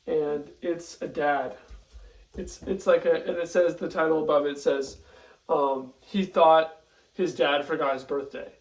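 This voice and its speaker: A man's voice: fairly high pitch, a little mellow, echoey room, far from the mic, rough recording. A man talking casually to his viewers, rambling with lots of fillers and restarts while he is tearful. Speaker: vlogger. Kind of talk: casual confessional monologue. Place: home kitchen.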